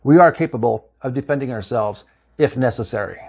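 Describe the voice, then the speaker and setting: A man plays a calm, logical science officer who weighs each point carefully. His reasoning comes out measured, at a middle pitch. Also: vocal fry, breathy edge.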